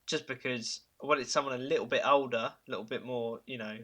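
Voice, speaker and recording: A man hosting a podcast, pitching ideas in casual chat, enthusiastic and chuckling, with halting fillers. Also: fairly even intonation, fairly bright tone. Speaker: podcast host.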